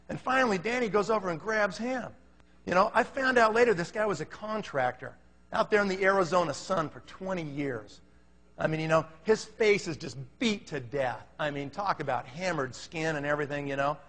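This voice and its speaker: A man tells a comic story with lots of energy, jumping into other people's voices. His voice is high and bright. It echoes with the long reverb of a big hall. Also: brisk. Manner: animated, acts out the other voices.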